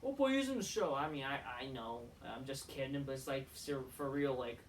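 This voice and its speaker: A woman's voice: rumbling low, expressive, normal speed, a little hiss or hum. A woman heatedly ranting as a wrestling show reviewer, swearing often and rambling between points. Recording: voice a bit far from the mic.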